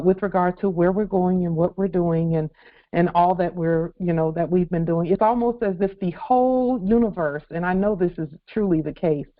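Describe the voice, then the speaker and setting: A woman leading a weekly conference-call assembly, speaking earnestly and repeating key phrases for emphasis. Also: on the low side. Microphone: phone. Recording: tinny conference phone line.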